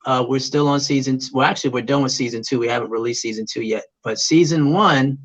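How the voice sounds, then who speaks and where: A man, a comedian guest, chatting casually on a podcast with plenty of fillers. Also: quick pace. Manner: relaxed, with fillers, booming announcer bits. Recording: muffled lo-fi audio.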